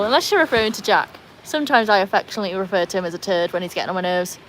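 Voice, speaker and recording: A woman from Wales chatting casually with livestream viewers outdoors by a pool, breaking off to scold and cheer her dogs in a high sing-song voice. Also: racing, hardly any pauses, fairly bright tone, a little hiss or hum. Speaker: livestream host.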